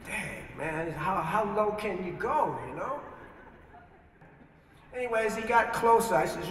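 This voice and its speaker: A man shares his personal testimony with lively, animated storytelling and acts out the voices of the people in it. His voice sits high for a man. It comes from a video played in a big hall, so it sounds distant and echoey, with long reverb and a faint hum behind it. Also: a little slow, pauses often.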